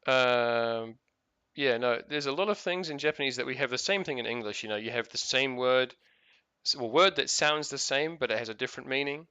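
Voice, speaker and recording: A man's voice: mid-range voice, brisk, pushed and bright, smooth, no room sound, highs cut off. A man streaming a game, chatting casually and rambling, swearing freely as he talks. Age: adult, married for years. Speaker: gaming streamer. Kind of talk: casual chat while playing.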